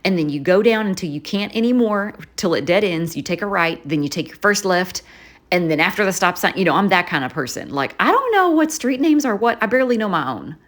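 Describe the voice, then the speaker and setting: A woman's voice: medium pitch, sing-song, fairly quick. A woman vlogger telling a rambling story in a casual chat, full of fillers and asides. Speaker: journaling vlogger.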